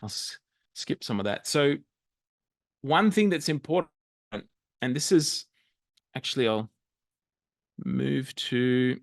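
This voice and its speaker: Middle-aged Australian man, conversational webinar presenter, mid-pitched, dry video-call sound. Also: lively intonation, takes it slowly, gravelly, pauses often, dry recording. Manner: conversational, with frequent ums and restarts. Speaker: church magazine editor presenting a webinar.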